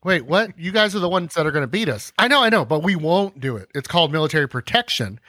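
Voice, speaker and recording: A man's voice: fairly high pitch, very animated, fast, bright, forceful tone, dry recording. A man hosting a podcast, explaining history casually, ranting and acting out scenes in comic voices. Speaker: podcast host.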